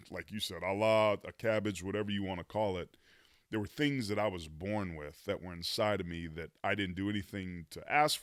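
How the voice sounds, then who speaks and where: A man's voice: low-pitched, no echo, clean studio sound. A man in his fifties, a former pro football player, telling his life story as a podcast guest in an earnest, motivational way with casual slang. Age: 50s. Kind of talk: reflective storytelling in conversation.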